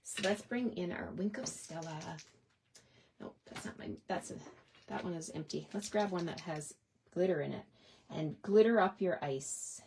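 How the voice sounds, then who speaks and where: A woman's voice: lowish voice, moderate pace, gravelly, background noise. A woman hosting a hands-on craft tutorial, chatting cheerfully to her viewers as she works. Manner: chatty, upbeat, talks to viewers while working. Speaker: papercraft demonstrator.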